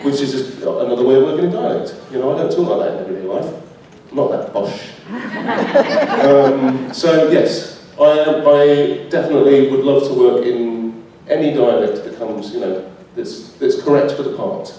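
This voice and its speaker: A man's voice: mid-range voice, lively intonation, normal speed, background noise. British man chatting in an echoey hall. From United Kingdom. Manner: chatty, laughs often. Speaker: convention panel guest, actor. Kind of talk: live panel Q&A. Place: large convention hall. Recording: echoey hall, mic from far.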